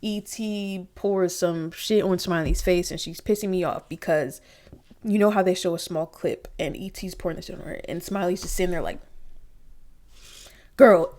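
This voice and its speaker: A young adult woman casually reviewing a reality TV episode, animated and profane, often acting out quotes in exaggerated voices, recorded on a computer mic. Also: lowish voice, moderate pace.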